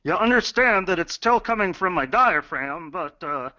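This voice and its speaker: A man co-teaching a voice acting class, joking around and swinging his pitch up and down. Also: expressive, moderate pace, bright, forceful tone. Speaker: voice actor and co-teacher. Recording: dull lo-fi recording.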